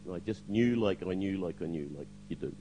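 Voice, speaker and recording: A man's voice: deep voice, a little fast, mellow, slight background noise, low-quality recording. An older man giving a spoken testimony to a church congregation, hesitant with fillers, now and then acting out the lines he quotes.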